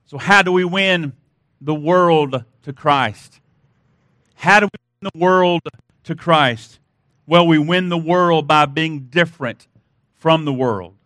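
A man's voice: fairly high pitch, slow, long pauses, a bit bright, no echo, clean studio sound. A man preaching a sermon as pastor, emphatic, asking rhetorical questions and repeatedly urging listeners to listen.

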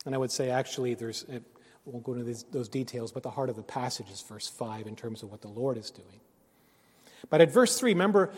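A man preaching a sermon, earnest, rising to loud emphasis and dropping to hushed phrases. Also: medium pitch. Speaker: pastor. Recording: long reverb of a hall.

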